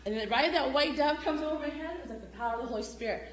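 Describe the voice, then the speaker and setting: A middle-aged woman giving an emotional church testimony, at times tearful, swinging between loud exclamations and soft murmurs. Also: high voice, rapid-fire, lo-fi sound.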